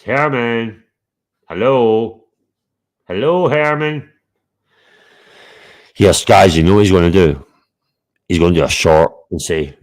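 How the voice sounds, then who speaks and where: Male live-stream host, somewhat low pitch, blunt and confrontational, heavy swearing. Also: slow pace, long pauses. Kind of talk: heated live stream chat.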